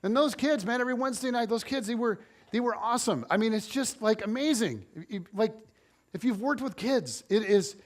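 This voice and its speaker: In his forties, this man preaches as a pastor, and his high voice moves briskly. He tells personal stories in a chatty, self-deprecating way, full of playful humor and animated storytelling, in a conversational sermon.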